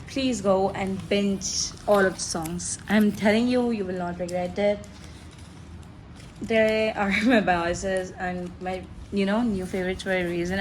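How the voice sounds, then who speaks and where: A woman's voice: mid-range voice, a little hiss or hum. A teenage girl, chatting casually and gushing through an unboxing, often giggling. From Pakistan. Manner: gushing, giggly, excitable fan talk. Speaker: vlogger.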